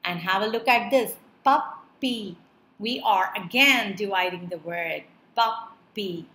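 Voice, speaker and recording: A woman teaching a beginner lesson, speaking slowly and clearly and drawing out each word to show its parts. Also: mid-range voice, pushed and bright, roomy sound. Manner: slow, clear, drawn-out word-by-word pronunciation. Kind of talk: children's lesson narration.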